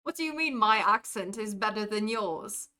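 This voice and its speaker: A woman's voice: mid-range voice, lively intonation, moderate pace, pushed and bright, clear, resonant tone. A young woman streaming a game, chatting casually and answering her viewers by name as she reads the chat.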